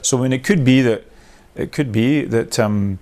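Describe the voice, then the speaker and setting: A man of middle pitch leads a workshop, talking things through as they come to him. He circles back, restarts and laughs now and then, in a chatty, discursive way. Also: normal speed, a little mellow. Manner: rambling, thinks aloud with many restarts. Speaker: workshop leader.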